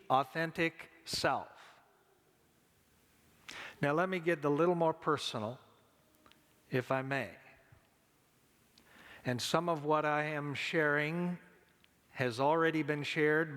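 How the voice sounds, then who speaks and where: A man delivers a memorial sermon in a church sanctuary, speaking slowly and deliberately and repeating his key lines for weight. His voice sits a little high for a man, and a long reverb trails each phrase. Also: a bit bright. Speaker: pastor. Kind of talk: funeral sermon.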